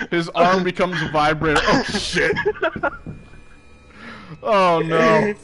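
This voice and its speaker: A man's voice: high-pitched, drawn-out words, a bit bright, a little hiss or hum. Giggly let's play guy, crude jokes. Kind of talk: casual gameplay commentary.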